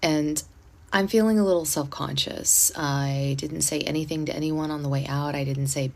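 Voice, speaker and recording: A woman with a slightly low voice recounts a storytime from home. She tells it in a casual, indignant way, acting out the others' lines in an animated manner. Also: moderate pace. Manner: animated, indignant retelling with acted-out quotes; speaking quietly to avoid disturbing a neighbor.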